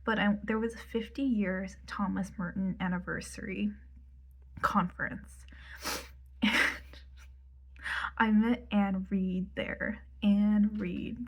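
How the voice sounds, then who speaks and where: Breathy young woman rambling storytime. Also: mid-range voice. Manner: rambling, many fillers, drops into whispered asides; talks while doing her makeup. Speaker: vlogger. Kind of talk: casual storytime.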